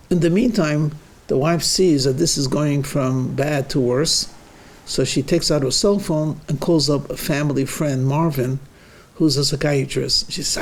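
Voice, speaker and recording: A rabbi delivering a joke as part of his weekly lecture, acting out each character. He speaks slowly and deliberately in a fairly high, gravelly voice. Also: fairly even intonation. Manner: slow, deliberate storytelling, acting out dialogue.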